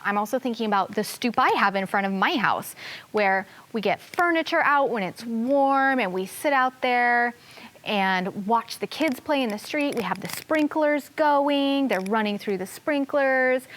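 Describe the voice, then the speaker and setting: Woman teacher reading aloud to first graders. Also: on the high side. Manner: expressive storybook reading, gentle classroom explanation. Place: television classroom studio.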